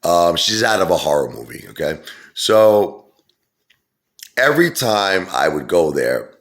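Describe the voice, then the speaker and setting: A middle-aged man rambles through a casual story in an extremely deep voice. He digresses constantly, padding his talk with fillers and asides. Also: big pitch swings, a little slow, a bit bright. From Brooklyn, New York. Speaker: vlogger.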